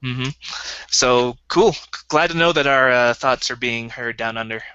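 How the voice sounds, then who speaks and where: A man's voice: medium pitch, moderate pace, bright, forceful tone, smooth, no echo, highs cut off. A man co-hosting a podcast in easygoing casual chat, laughing often. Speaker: podcast co-host.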